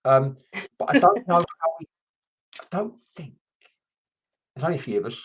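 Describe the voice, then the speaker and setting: A woman's voice: low voice, very animated, moderate pace, dull audio, a little hiss or hum. A woman working as a medium, giving a chatty live-streamed reading and swearing casually as she talks. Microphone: computer mic on a video stream.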